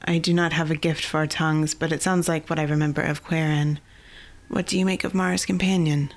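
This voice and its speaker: A woman's voice: low voice, little pitch movement, brisk. A woman voicing a loyal young male sword champion, speaking politely and plainly. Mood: respectful.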